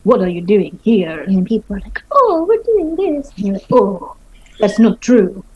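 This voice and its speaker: A woman's voice: medium pitch, normal speed, warm tone, breathy edge, dull audio. A woman playing a tabletop game, speaking in character in a playful, mocking way. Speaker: player.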